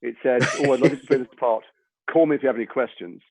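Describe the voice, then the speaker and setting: A man's voice: mid-range voice, fast talker, a little mellow, dry recording, rough recording. A man, an actor, telling a blunt, self-mocking anecdote and swearing casually. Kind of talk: animated interview anecdote.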